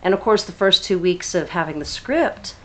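A woman who is a mother of four and a stage actor, chatting in a lively way about her part. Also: fairly low pitch, moderate pace. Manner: lively, laughing. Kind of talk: casual interview chat.

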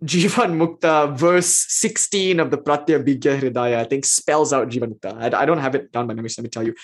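A man's voice: mid-range voice, fairly quick, hardly any pauses. A man giving an informal spoken lecture, thinking aloud with many restarts. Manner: thinking aloud, with frequent "you know" and restarts; chants verses in Sanskrit. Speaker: lecturer on Indian philosophy.

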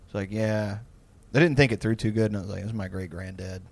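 A man's voice: lowish voice, quick pace, a little mellow, no room sound. A young man co-hosting a podcast, telling rambling, profane stories in casual chat. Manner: profane, rambling storytelling with frequent laughs. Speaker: podcast co-host.

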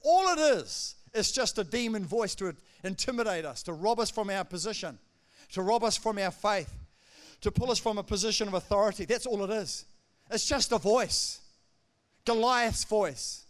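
A man preaching a sermon as pastor, emphatic, swinging between loud declarations and quiet asides. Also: high voice, normal speed.

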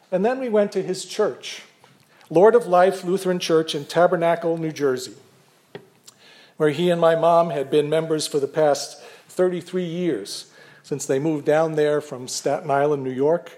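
An older man, a pastor, preaching a sermon in a measured, earnest way with gentle humor. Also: a little high.

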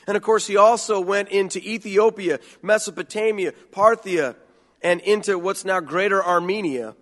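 A man's voice: high voice, moderate pace, fairly bright tone, long reverb tail. A man preaching a sermon in an earnest, conversational way, often repeating and restarting words.

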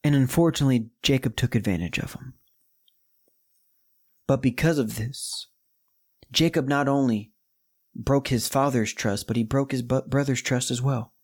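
A man's voice: medium pitch, moderate pace, pauses often, darkish tone, breathy edge. A man hosting a Bible study podcast, reading scripture aloud and breaking into emphatic, conversational preaching that climbs to exclamations.

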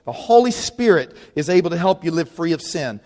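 A man preaching a sermon in a lively, conversational way, leaning on dramatic pauses. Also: on the high side. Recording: long reverb of a large hall.

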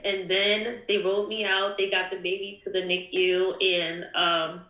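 A young woman giving an emotional personal testimony, halting with many ums and near tears at times. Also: medium pitch, level tone, sharp tone, echoey room, poor audio. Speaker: guest.

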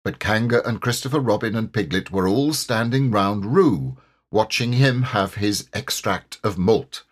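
A man reading a children's storybook aloud with expressive storytelling. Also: on the low side, measured pace. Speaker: audiobook reader. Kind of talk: storybook narration.

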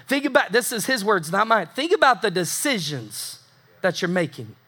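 A male pastor preaches in a strikingly high voice. His tone is bright and forceful. He hammers phrases through repetition and slips into voices for the people in his story. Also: very animated, moderate pace. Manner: emphatic, repeats phrases for effect, acts out voices. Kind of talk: sermon.

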